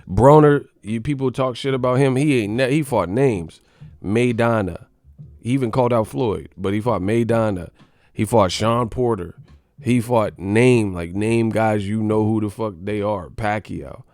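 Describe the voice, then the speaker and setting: A man's voice: fairly low pitch, a little mellow, no room sound, studio quality. Profane, mocking man ranting. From United States. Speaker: boxing commentator. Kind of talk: casual rant.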